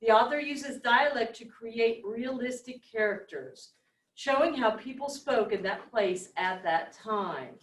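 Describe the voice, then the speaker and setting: A woman's voice: a little high, animated, a little slow. A woman teacher leading a reading lesson, explaining step by step and asking the class questions. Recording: echoey classroom, mic at a distance.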